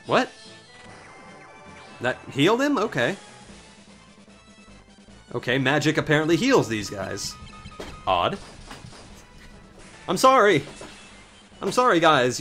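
A man's voice: a little high, a bit bright. A young man casually commentating a game while telling a long rambling story, swearing freely and reacting with sudden exclamations. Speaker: let's play commentator.

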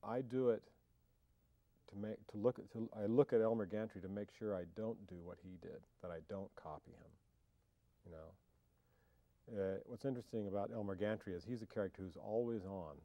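A man's voice: fairly low pitch, a little fast, no room sound, dull audio. A man being interviewed about his acting, talking casually and wryly, joking and trailing off in fillers and restarts. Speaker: film actor interviewee.

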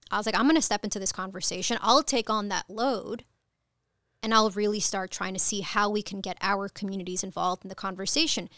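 Frank, animated woman telling her story. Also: mid-range voice, no room sound, clean studio sound. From Ecuador. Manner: frank, animated, swears casually. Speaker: podcast guest, cannabis attorney. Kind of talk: candid conversational storytelling.

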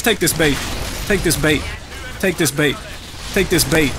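Profane, excitable young gamer man. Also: fairly high pitch, a little slow, pauses often. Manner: profane, trash-talking, excitable. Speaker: gaming channel host. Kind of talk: live game commentary. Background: game music.

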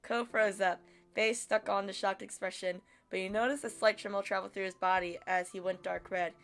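A woman's voice: medium pitch, normal speed. A woman streamer reading a romance visual novel aloud and reacting expressively. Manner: expressive, gushing, playful. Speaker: gaming streamer.

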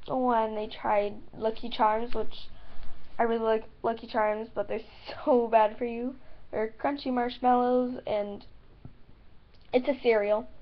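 A woman's voice: on the high side, dull audio. An American woman vlogging casually to camera, chatty and giggly, lightly teasing her viewers.

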